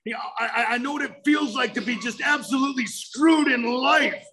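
High bright-voiced guy sharing his recovery story, gets loud and punchy, tells it like a yarn. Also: fairly quick, slight background noise, low-quality recording. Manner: emphatic, storytelling, swings to loud outbursts. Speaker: recovery speaker. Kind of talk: personal recovery talk.

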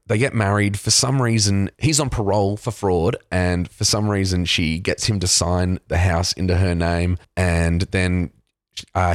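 A man's voice: low-pitched, dry recording, clean studio sound. A man chatting casually, telling a story loosely with lots of swearing and fillers. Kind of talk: casual chat.

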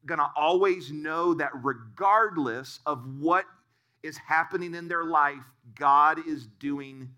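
A male pastor preaching in a bright, forceful voice that sits a little high. He tells stories earnestly in a sermon. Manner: storytelling, earnest.

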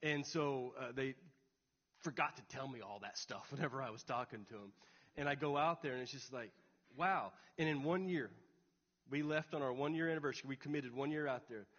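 A man's voice: medium pitch, brisk, a bit bright. A young adult man, a pastor, telling a personal story in an earnest sermon. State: tearful. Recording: dull recording, long hall reverb.

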